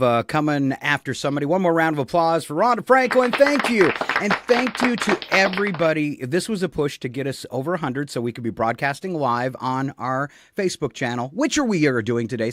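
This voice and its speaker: A man's voice: medium pitch, no room sound. Guy hosting morning radio, jokey, laughs a lot, bouncy voice, dry close mic. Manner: joking, laughs often. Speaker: radio morning show host. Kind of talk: casual radio banter.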